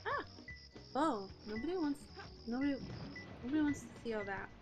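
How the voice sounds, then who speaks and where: A woman's voice: high-pitched, expressive, a little fast. A young woman co-hosting a live stream, chatting casually, laughing often and thinking aloud. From United States. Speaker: streamer co-host. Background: game music.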